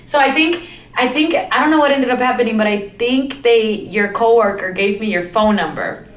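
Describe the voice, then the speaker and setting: A woman's voice: on the high side, moderate pace. Laughing young woman telling a story. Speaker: podcast co-host. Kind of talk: casual storytelling chat. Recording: roomy, off-mic sound.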